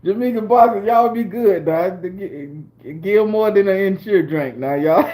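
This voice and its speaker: A man's voice: high-pitched, unhurried. A man in his forties from southern Florida, a channel host telling personal stories and chatting with viewers, laughing often and swearing freely. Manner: loud laughing, swearing, talks to chat viewers. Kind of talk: live-stream storytelling chat.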